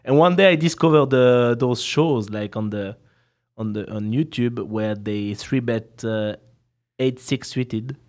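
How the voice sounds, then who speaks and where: A man's voice: mid-range voice, unhurried, darkish tone. A man from France with a French accent, a poker guest chatting casually, often laughing and repeating words as he restarts. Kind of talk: casual chat.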